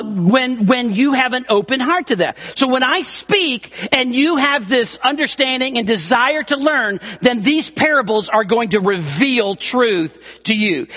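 A man's voice: extremely high pitch, fairly bright tone. A man preaching a sermon, with emphatic rises and drops in his delivery. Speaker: pastor.

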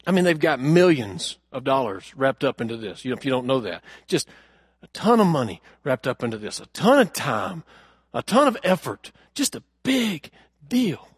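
A man preaching a sermon, telling a story earnestly and asking the congregation questions, moving from loud emphasis to hushed lines. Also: mid-range voice, big pitch swings, normal speed, breathy edge, no echo, studio quality. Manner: addresses the congregation directly with questions. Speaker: pastor.

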